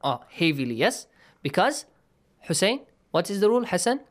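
A man's voice: high-pitched, big pitch swings, normal speed. Patient man teaching Quran recitation rules. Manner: patient, step-by-step explaining, checks understanding with "yes?". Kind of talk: radio Quran lesson.

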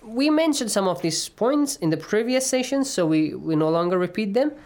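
A man's voice: sits high, lively intonation, darkish tone. Patient man teaching recitation on radio. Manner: patient, quizzes students, models recitation slowly. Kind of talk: radio lesson on recitation rules.

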